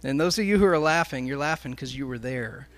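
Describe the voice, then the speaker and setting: A man's voice: medium pitch, brisk, a bit bright. A man speaking to a live congregation, telling a story in a sermon as he addresses the crowd directly.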